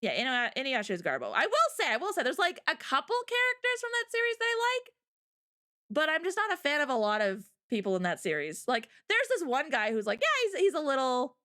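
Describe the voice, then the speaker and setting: High, lively woman ranting on stream. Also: brisk. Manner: animated, emphatic ranting. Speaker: streamer co-host. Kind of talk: casual chat on a livestream. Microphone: streaming mic.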